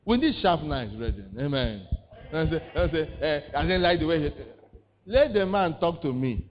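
A man's voice: fairly high pitch, big pitch swings, moderate pace, slight background noise. A man, preaching a sermon in call-and-response style, repeating words and prompting the congregation with questions. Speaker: pastor. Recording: reverberant, muffled sound.

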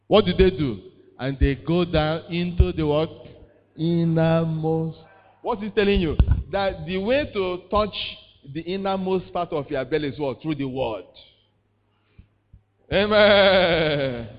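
A man's voice: a little high, unhurried. Preacher calling out to his congregation. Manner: call-and-response preaching, repeats words, asks congregation "eh?". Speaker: pastor. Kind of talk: sermon. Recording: reverberant, muffled sound.

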